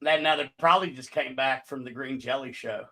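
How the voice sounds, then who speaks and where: A man's voice: mid-range voice, brisk, pushed and bright. A man co-hosting a talk show in a laid-back, casual way. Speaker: co-host.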